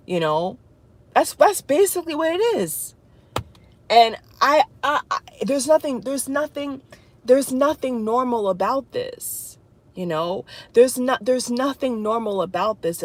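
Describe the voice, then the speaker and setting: Upset woman venting to her followers, raspy slightly high voice, keeps repeating herself. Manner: distraught, repetitive, halting. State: tearful. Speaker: vlogger. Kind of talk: emotional spiritual vlog.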